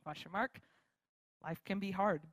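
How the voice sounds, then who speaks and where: A young woman missionary giving a sermon in a church, telling a story in a chatty, animated way and acting out the quotes. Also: medium pitch, measured pace. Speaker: missionary preacher. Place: church hall with live audience.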